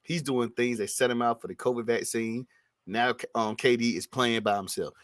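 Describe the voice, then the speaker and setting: A man appearing as a guest on a sports podcast, laying out his view in a measured, explanatory way. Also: mid-range voice, steady tone, fairly bright tone, dry recording, clean studio sound. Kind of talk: sports debate chat.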